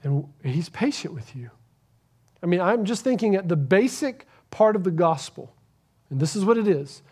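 A man with a high, light voice preaching a sermon in a church. He is earnest, pushing some lines out loudly and dropping others to a hush that is almost a whisper. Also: lively intonation, moderate pace, slightly rough. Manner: earnest, swings from loud emphasis to hushed near-whisper. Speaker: pastor.

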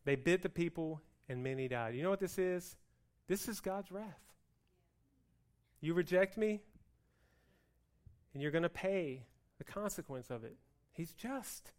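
High-voiced animated male preacher. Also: unhurried, long pauses. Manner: animated preaching, swings from loud to hushed; plays out the people's complaints in a whiny voice. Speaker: pastor. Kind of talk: sermon.

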